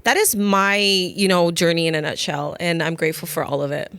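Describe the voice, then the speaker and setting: A woman in her thirties or forties co-hosting a podcast, telling her faith story earnestly in quick bursts. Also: on the low side, a bit bright, clear, resonant tone, no room sound. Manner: earnest, talks in bursts with many fillers and restarts. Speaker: podcast co-host. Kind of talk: heartfelt faith conversation.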